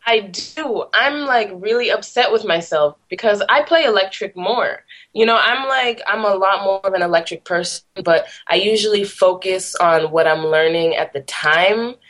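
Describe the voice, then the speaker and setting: A woman's voice: medium pitch, moderate pace, a bit bright. A young woman from the Boston area, a musician guest, chatting casually with frequent laughs and fillers. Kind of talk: casual interview chat.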